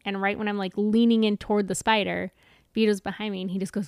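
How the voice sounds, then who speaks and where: Animated woman telling stories. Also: mid-range voice, quick pace, no room sound, studio quality. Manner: animated storyteller, laughs often. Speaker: podcast co-host. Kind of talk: casual chat.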